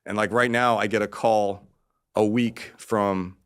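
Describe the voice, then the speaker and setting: A man's voice: fairly low pitch, fairly even intonation, measured pace, a bit bright, clear, resonant tone. Profane, rambling storytelling man around fifty. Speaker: guest. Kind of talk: casual interview conversation.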